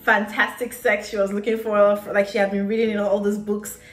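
Woman, podcast co-host, casual chat, animated, laughing, echoey room. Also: mid-range voice, a little fast, soft background music. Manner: animated, laughing, lots of "like" fillers.

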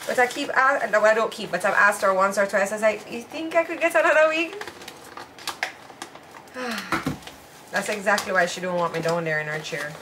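A woman's voice: medium pitch, brisk, background noise. A woman vlogging at home, chatting casually and laughing often while trying on wigs. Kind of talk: casual chat.

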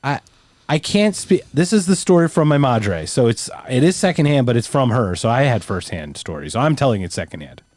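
Lively, laughing podcast guy in his forties. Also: medium pitch, a little fast, dry recording, clean studio sound. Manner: animated storyteller, laughs often, swears freely. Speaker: podcast co-host. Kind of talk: casual chat.

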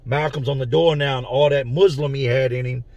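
A man's voice: mid-range voice, steady tone, brisk, darkish tone, dry recording, dull audio. A man telling a story from his own prison time in a casual, slangy way, stopping to explain terms. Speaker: storyteller recounting prison life.

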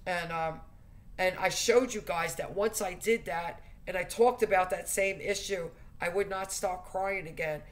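A woman's voice: on the low side, measured pace. A woman giving earnest spiritual advice in a monologue, stressing her points by repeating key phrases. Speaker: spiritual vlogger.

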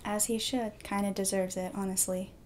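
A woman's voice: mid-range voice, level tone, moderate pace, a little mellow, a little hiss or hum. A young woman hosting a live reaction video, gushing and reacting aloud with emotion, often dropping to a whisper.

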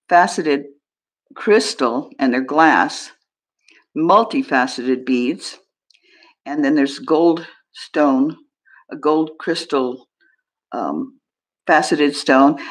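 A woman hosting a live jewelry sale stream, describing pieces in a chatty, unhurried way and talking to viewers. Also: low voice. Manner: chatty, describes items slowly, friendly asides to viewers. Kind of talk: casual live-stream selling.

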